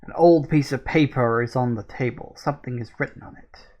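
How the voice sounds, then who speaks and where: A man's voice: medium pitch, a little fast, few pauses, a little mellow. A man giving casual, wry commentary while playing a horror game and reading on-screen text aloud. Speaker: let's-play gamer.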